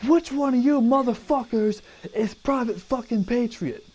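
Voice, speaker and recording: A man voicing a profane male army drill sergeant who barks in loud, drawn-out, cursing yells. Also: extremely high pitch, pitched above the performer's own voice. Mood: bellowing.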